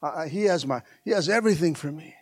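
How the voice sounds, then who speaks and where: A male pastor delivering a passionate sermon, swinging from soft asides to loud, fervent climaxes. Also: a little high, expressive, quick pace, no echo.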